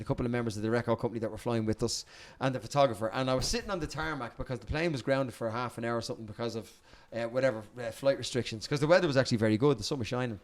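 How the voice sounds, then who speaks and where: Fast-talking Irish man telling stories. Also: medium pitch. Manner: lively, cheeky storyteller, swears freely. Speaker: guest. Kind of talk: casual anecdote telling.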